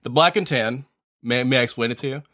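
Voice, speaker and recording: A man hosting a comedy podcast, talking in a deadpan, jokey know-it-all way. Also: medium pitch, fast, no room sound, clean studio sound. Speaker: podcast host. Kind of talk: casual comedic chat.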